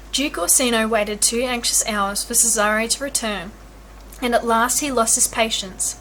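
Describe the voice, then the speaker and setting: A woman teacher reading a children's storybook aloud in an expressive, clear way. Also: on the high side, normal speed, slight background noise.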